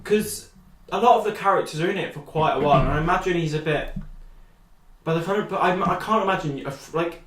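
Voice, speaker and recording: A British man co-hosting a podcast in casual chat, animated and rambling, jumping high when he quotes people. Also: fast talker, slight background noise. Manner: animated, rambling, shoots up in pitch when quoting. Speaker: podcast co-host. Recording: echoey room, off-mic.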